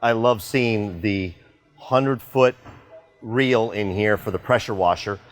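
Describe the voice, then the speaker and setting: A man hosting a casual walkthrough chat in a motorhome service shop, upbeat and joking, talking fast. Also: lowish voice. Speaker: show host.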